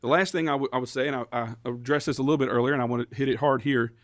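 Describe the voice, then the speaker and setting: Impassioned legislator testifying. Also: male voice, medium pitch, fairly even intonation, racing, dry recording, clean studio sound. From Kentucky. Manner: impassioned storytelling, building to emphatic rhetorical questions. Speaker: state representative, bill sponsor.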